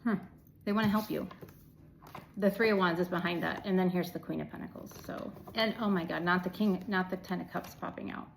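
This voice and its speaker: A woman's voice: on the low side, fairly even intonation, fairly quick, creaky, noisy background. A woman giving a casual, chatty tarot reading to her viewers, affirming and blunt, with an occasional swear. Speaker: tarot reader.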